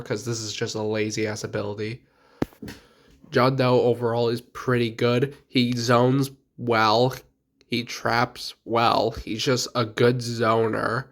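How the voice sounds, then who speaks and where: A young man with a sick voice giving blunt, offhand commentary on game characters in a casual video. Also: medium pitch. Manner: blunt, offhand, mildly crude. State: sick, stuffy voice. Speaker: gaming video creator.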